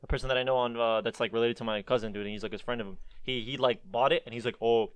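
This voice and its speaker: A young man in casual chat with friends. He talks fast and rambles, with a lot of swearing. His voice sits in a middle register and sounds dry and close. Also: mid-range voice, fairly even intonation, smooth, no room sound. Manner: rambling and profane, leans on "dude".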